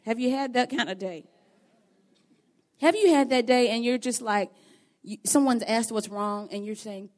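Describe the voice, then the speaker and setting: A woman giving a devotional Bible teaching to other women, talking in an earnest, conversational and emotionally expressive way. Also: a little high, normal speed, long pauses.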